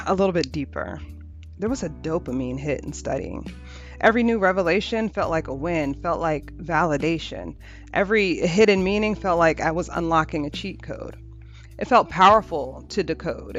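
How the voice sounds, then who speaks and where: Gentle reflective woman, lo-fi audio. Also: fairly low pitch. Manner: gentle, unhurried, repeats phrases for rhythm. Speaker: podcast host. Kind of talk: reflective spiritual monologue. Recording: dull lo-fi audio with faint music.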